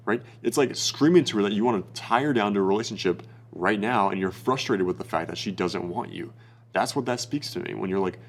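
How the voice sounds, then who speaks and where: A man's voice: lowish voice, expressive, normal speed. Blunt, foul-mouthed young male dating coach. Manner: blunt, profane, bro-ish. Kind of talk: casual advice monologue.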